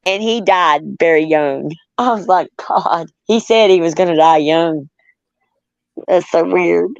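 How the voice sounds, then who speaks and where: A woman's voice: on the low side, lively intonation, moderate pace, dry recording. A middle-aged woman hosting a casual chat, reminiscing in a rambling way, laughing often, and reading out viewer comments. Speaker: host. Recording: dull, lo-fi.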